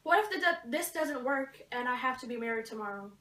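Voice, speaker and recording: A teenage girl playing a frightened young woman in a school play, anxious and halting. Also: high voice, lively intonation, fairly bright tone. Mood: fearful. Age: teens. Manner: anxious, halting, talking to herself. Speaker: student actor. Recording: echoey room, from far off.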